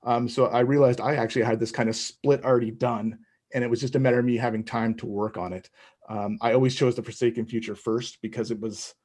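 Husky middle-aged guy, rambly comic creator talking on a podcast, lots of ums and restarts. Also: medium pitch, little pitch movement, quick pace, a little mellow. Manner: rambling, hesitant, full of restarts. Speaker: comic book creator, guest. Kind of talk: casual interview talk.

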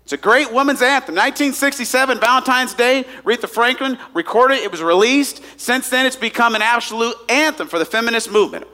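A man preaching a sermon to a congregation as pastor, animated and swinging between hushed asides and loud emphasis. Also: very high voice, quick pace, hardly any pauses. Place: church hall before a congregation.

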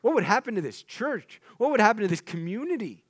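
A man preaching a sermon in a church, earnest and full of rhetorical questions, turning soft and hushed as he prays. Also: sits high, big pitch swings, brisk, no room sound, clean studio sound. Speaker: pastor. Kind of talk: sermon with closing prayer.

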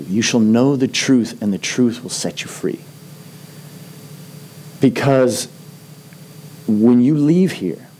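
A middle-aged man, a pastor, preaching a sermon in an earnest, conversational storytelling manner with slow, emphatic phrases. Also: mid-range voice, darkish tone.

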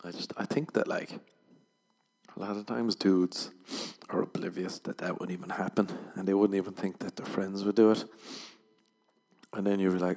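Podcast host, low husky gravelly voice, deadpan rambling comic riffs. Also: male voice, moderate pace. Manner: rambling, deadpan, jumps into loud mock voices. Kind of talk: comic monologue.

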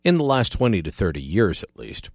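A man's voice: low voice, big pitch swings, a little fast, no echo. A man hosting a call-in radio talk show, opinionated and sarcastic with punchy emphasis, speaking into a studio microphone.

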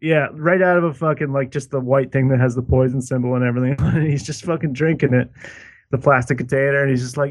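A man's voice: mid-range voice, fairly even intonation, fast, no echo. A man co-hosting a casual podcast over a video call, telling rambling, profane stories. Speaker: podcast co-host.

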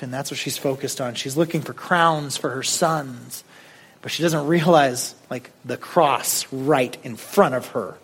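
A man's voice: medium pitch, measured pace, husky. A man preaching a sermon in a conversational, emphatic way, often saying "like" and speaking straight to his listeners. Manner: addresses listeners directly. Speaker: pastor.

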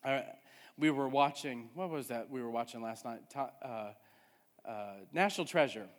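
A man's voice: medium pitch, moderate pace. A male pastor preaching a sermon, emphatic, repeating his refrains. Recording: hall with long reverb.

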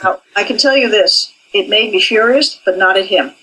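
A woman's voice: mid-range voice, moderate pace, bright, forceful tone, rough recording. An older woman, an animation professor, speaking candidly in an interview about her training. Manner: candid and forthright.

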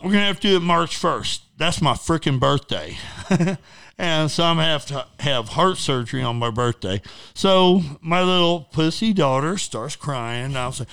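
A man's voice: on the high side, fairly bright tone, smooth. A middle-aged man, an interview guest, telling a personal story casually in a blunt, profane, rambling way.

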